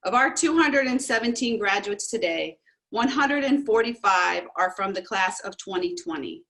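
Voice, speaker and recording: A woman principal reads out a formal graduation address and steps through numbers in a measured, even way. Her voice sits at a middle pitch. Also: rough recording. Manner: measured, formal reading of figures. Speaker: high school principal.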